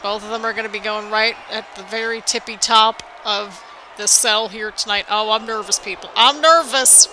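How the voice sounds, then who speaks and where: A woman calls the action of a wrestling video game with a bright, sharp tone. She exclaims constantly and frets aloud to her viewers. The delivery is excitable play-by-play with a faint hiss behind it. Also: mid-range voice, normal speed, rough recording. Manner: excitable, anxious, exclaims often, addresses viewers as people. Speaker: gaming video host.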